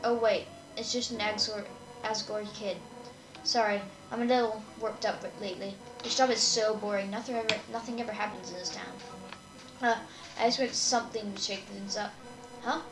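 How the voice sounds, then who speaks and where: Grumpy bored cop as a lady reads him out, loud and snappy, roomy echo, music behind. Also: mid-range voice, fairly even intonation, moderate pace, recorded from a distance, close to an everyday voice. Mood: gruff. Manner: louder and brusque when reading his lines. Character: bored gruff small-town police officer. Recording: echoey room with game music.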